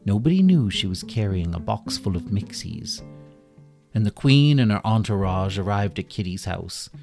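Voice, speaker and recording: Animated man reading a bedtime story. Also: lowish voice, moderate pace, vocal fry, music in the background. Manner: playful, animated narration.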